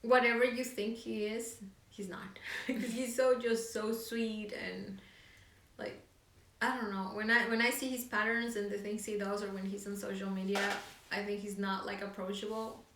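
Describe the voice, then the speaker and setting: A woman's voice: medium pitch, little pitch movement, normal speed, a bit bright, slight background noise. A woman co-hosting a casual knitting chat show, talking in a rambling, filler-heavy way. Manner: chatty, rambling, many fillers. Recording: echoey room, distant mic.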